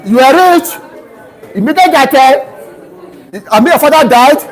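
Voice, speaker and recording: High-pitched, lively Nigerian lecturer. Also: male voice, a little slow, a faint crowd, rough recording. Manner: drills students with fill-in-the-blank questions ending in "what?"; teaches through homely family anecdotes. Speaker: university lecturer. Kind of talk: live classroom lecture. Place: lecture room.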